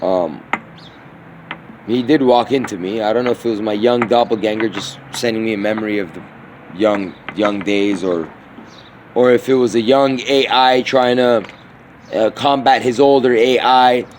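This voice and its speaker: A man's voice: on the low side, moderate pace, a little hiss or hum. A man delivering a meandering, slang-filled spoken monologue, often trailing off and restarting his thoughts.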